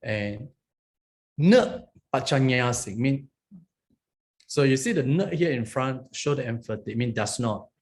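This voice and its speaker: A man leads a Pali grammar lesson in a patient, explanatory way. He often asks "huh?" and "okay?" as he goes, and he chants the Pali lines slowly and carefully. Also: medium pitch. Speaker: monastic teacher.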